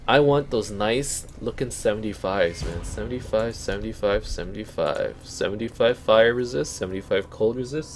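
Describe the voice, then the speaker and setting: Lively Canadian man commenting on a game. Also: mid-range voice, a little hiss or hum. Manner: chatty, thinks aloud, swears casually. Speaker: let's play host. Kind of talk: casual gameplay commentary.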